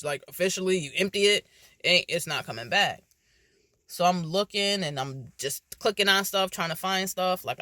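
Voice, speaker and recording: A woman vlogger telling a personal faith story in casual, animated speech, acting out her own reactions. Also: lowish voice, no room sound.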